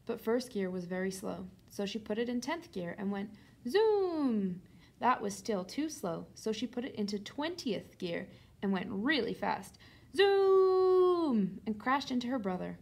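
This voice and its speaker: A Canadian woman reading a children's storybook aloud as a librarian, doing animated voices. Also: normal speed, creaky, slightly rough. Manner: animated, shifts pitch high for shouts and dialogue.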